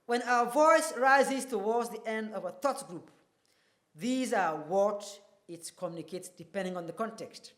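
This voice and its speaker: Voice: mid-range voice, unhurried, fairly bright tone, echoey room. A teacher giving a televised English lesson, explaining a point and then asking the class rhetorical questions.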